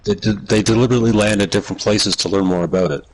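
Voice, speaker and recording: A man's voice: on the low side, fairly even intonation, very fast, poor audio. A man co-hosting a casual chat, answering in short, dry and sardonic remarks. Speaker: co-host.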